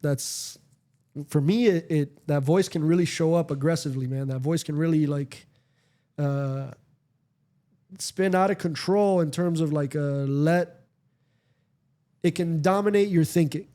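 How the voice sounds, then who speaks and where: Male podcast host, casual and meandering, mellow tone, swears offhand. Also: fairly high pitch, a little slow, pauses often. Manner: rambling, frequent fillers and profanity. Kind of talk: casual chat.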